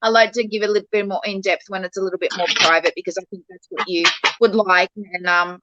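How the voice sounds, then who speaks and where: A woman's voice: medium pitch, steady tone, quick pace, hardly any pauses. Chatty woman tarot reader, muffled stream. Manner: chatty, affectionate, calls people darling. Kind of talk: live-stream chat. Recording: muffled with background noise.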